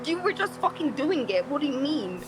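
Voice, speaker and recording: A woman in casual roleplay chat on a game stream, blunt and quick to swear. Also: high voice, sing-song, music in the background. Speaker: roleplay player. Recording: game car noise under voice.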